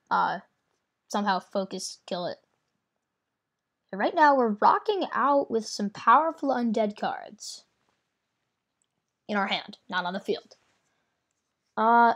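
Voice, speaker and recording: Woman doing casual card game commentary, talks through her moves, teases the other player a lot. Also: medium pitch. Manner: chatty, thinks aloud, playful trash talk. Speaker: gameplay commentator. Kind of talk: casual let's-play commentary.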